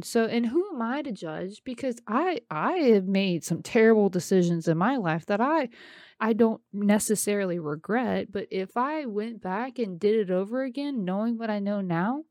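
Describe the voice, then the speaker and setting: A woman's voice: fairly high pitch, lively intonation, moderate pace, darkish tone, no echo, clean studio sound. A woman in her thirties talking casually and encouragingly, speaking straight to her listeners. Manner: chatty, encouraging, addresses listeners directly. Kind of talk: casual self-care talk.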